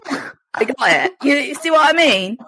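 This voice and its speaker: A woman's voice: high voice, lively intonation, moderate pace, a bit bright, voice pushed up, rough recording. A woman putting on an Essex accent, playing a breezy, chatty young Essex woman who talks in a bubbly, sing-song way.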